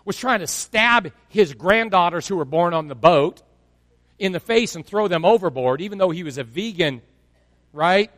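A male pastor preaching a sermon in an animated storytelling way, swinging between loud bursts and hushed asides. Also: high voice, normal speed, long reverb tail.

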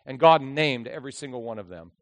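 A man preaching a sermon as a pastor, animated and acting out the characters in his story. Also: medium pitch, quick pace, dry recording, studio quality, in a large hall. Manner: animated, acts out voices of characters.

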